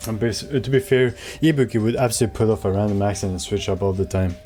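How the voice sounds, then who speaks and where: A man's voice: lowish voice, steady tone, a little fast, mellow, husky, faint music behind. A man playing a game and commenting in casual, self-mocking asides between voiced lines. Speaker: gamer voicing the characters in a playthrough. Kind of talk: casual let's-play commentary.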